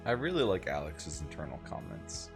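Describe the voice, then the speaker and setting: A man's voice: a bass voice, wildly swooping pitch, normal speed, faint music behind. A man bantering wryly with a co-host while they play a visual novel together. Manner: wry, joking banter. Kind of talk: casual gameplay chat.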